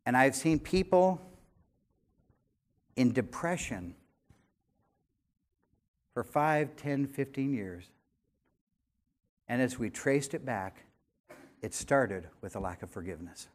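An older man in his sixties preaching a sermon, animated, swinging between loud emphasis and quiet conversational asides. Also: medium pitch, slow pace, pauses often. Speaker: pastor.

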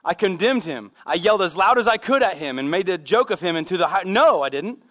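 A man preaching a sermon as pastor, telling animated stories with self-deprecating humor. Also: high-pitched, fairly quick. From United States. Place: church sanctuary.

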